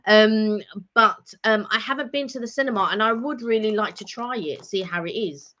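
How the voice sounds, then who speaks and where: A woman's voice: a little high, moderate pace, fairly bright tone. A woman co-hosting a casual live-stream vlog chat, rambling and chatty with plenty of ums and restarts. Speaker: vlog co-host. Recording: dull lo-fi home stream audio.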